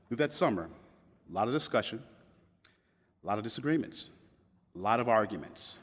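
A public speaker from Louisville, Kentucky, about fifty, relates a personal story in a chatty style, quoting others and often starting over. His voice is mid-range and fairly bright, recorded with long hall reverb.

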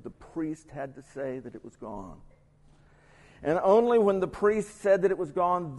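A man's voice: fairly high pitch, mellow. Man teaching Scripture in a reverberant hall. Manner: reads scripture aloud and comments with asides. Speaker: pastor or Bible teacher. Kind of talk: sermon-style Bible teaching.

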